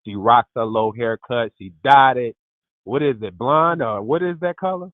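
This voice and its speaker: A man in his fifties hosting a lively group call, exuberant and emphatic, often calling out to his listeners. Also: medium pitch, moderate pace, no echo. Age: 50s. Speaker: host. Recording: dry tinny phone line.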